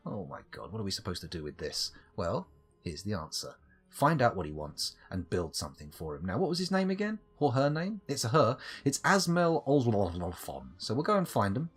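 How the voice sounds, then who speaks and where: A man's voice: lowish voice, very animated, normal speed, slightly rough. Rambling man streaming a game. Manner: rambling, talks to himself, self-mocking asides. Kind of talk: live gameplay commentary.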